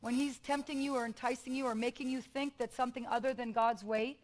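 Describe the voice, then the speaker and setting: A woman's voice: on the high side, steady tone, fairly quick, a little mellow, rough recording. A woman preaching a sermon in church, emphatic and repetitive, calling out to the congregation.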